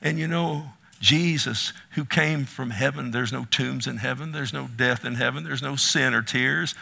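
A middle-aged man preaching an impassioned sermon, swinging from hushed, slow words to loud calls. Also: mid-range voice, vocal fry. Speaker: pastor.

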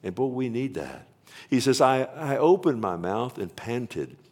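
A pastor with a medium-pitched, very animated, darkish voice preaches to his congregation. His emphasis keeps rising, he slows down to stress scripture, and he calls out "Amen?" to the listeners.

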